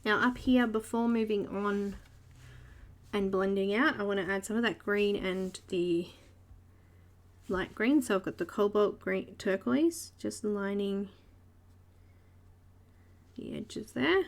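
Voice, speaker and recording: A woman's voice: medium pitch, takes it slowly, pauses often. A woman with an Australian accent hosting a live coloring stream, chatting casually while she explains each step and greets viewers by name. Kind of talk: live art tutorial narration.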